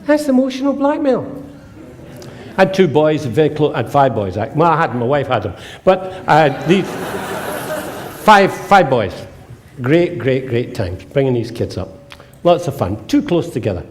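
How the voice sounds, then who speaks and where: An older man presents a humorous seminar to a live audience. His voice sits a bit high for a man and swings widely in pitch. He tells jokey stories and acts out the dialogue in them. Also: big pitch swings, normal speed.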